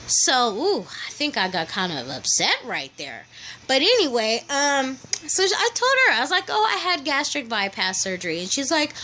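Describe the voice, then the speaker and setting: A young woman vlogging casually to camera, telling stories in a chatty, animated way and acting out what other people said. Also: high voice, moderate pace, slight background noise. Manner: chatty, animated storytelling, acts out quoted people.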